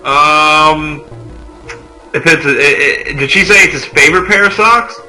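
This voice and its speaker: Joking guy chiming in on a game, bright snappy voice. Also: a little high, measured pace, soft background music, low-quality recording. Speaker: guest commentator. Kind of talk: casual commentary.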